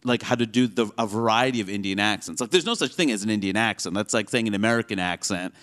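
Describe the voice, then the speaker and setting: A man with a slightly low voice chatting as a comedian guest on a talk show. He talks in animated bursts, piling up asides and "you know"s as he makes his point. The delivery is loose and conversational. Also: quick pace. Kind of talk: casual interview chat. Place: radio show studio with audience.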